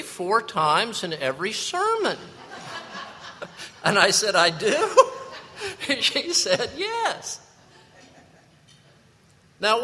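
Slow-talking preacher man, bright lively voice, big echoey church hall. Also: sits high. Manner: storytelling preacher, lively and animated. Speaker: pastor. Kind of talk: sermon. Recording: long reverb of a large hall.

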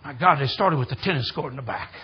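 Husky older preacher. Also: male voice, medium pitch, quick pace, lo-fi sound. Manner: folksy storytelling, rising to excited shouts. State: hard of hearing. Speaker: guest preacher. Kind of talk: sermon. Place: church sanctuary.

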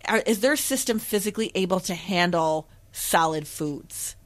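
A woman's voice: lowish voice, lively intonation, moderate pace. A young woman, a former peer counselor, chatting casually on a podcast, full of fillers and acted-out quotes.

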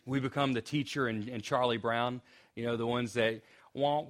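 Young male preacher, chatty sermon delivery, trips over restarts, wry asides, mid-pitched voice. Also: fairly even intonation, moderate pace. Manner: conversational, self-interrupting with restarts and asides; joking asides. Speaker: pastor.

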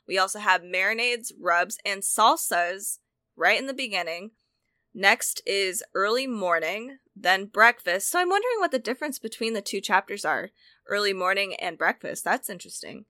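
A woman's voice: medium pitch, expressive, moderate pace, sharp tone, no echo. A woman co-hosting a casual chat, talking about cookbooks with enthusiasm and frequent restarts. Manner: enthusiastic, chatty, self-correcting. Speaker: co-host reviewing cookbooks.

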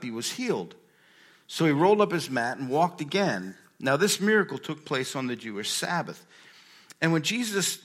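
Male pastor, bright and forceful tone, conversational sermon with scripture reading. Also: mid-range voice. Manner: conversational, reads aloud and asks the room questions.

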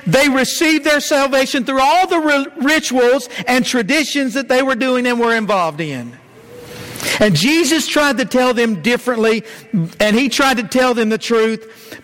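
A man preaching a sermon as pastor, earnest, dropping low and slow to stress key lines. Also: a bit bright.

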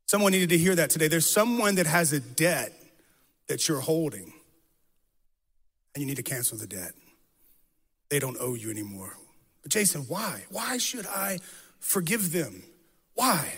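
A man's voice: a little high, lively intonation, measured pace, pauses often, fairly bright tone, slightly rough, in a large hall. A man preaching an earnest sermon, telling a personal story with emphatic, repeated phrases. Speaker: pastor.

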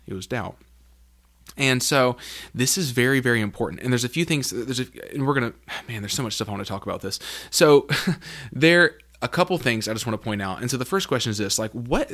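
A man preaching a sermon at a middle pitch. He talks in an earnest, animated way, stumbling and restarting as he works through the passage. When he reads the scripture, he slows down and softens. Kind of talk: sermon, Bible teaching.

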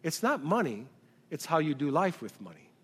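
A middle-aged man preaching a sermon as pastor, calling out questions to the congregation and building to shouts. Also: a little high, sing-song, normal speed, breathy edge. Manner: call-and-response preaching, rises to shouts. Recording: long hall reverb.

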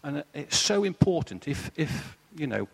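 A man's voice: a little high, sing-song, measured pace, creaky, husky, big-room sound. A man, earnestly sharing his faith and telling a story as a church panel guest. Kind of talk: live church testimony talk. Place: church hall.

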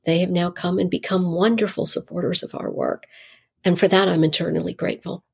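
A middle-aged nonprofit founder, interviewed as a guest, tells her stories in a brisk, conversational way. Her lower-leaning voice is gravelly and husky, and she gets animated as she slips into acted-out dialogue.

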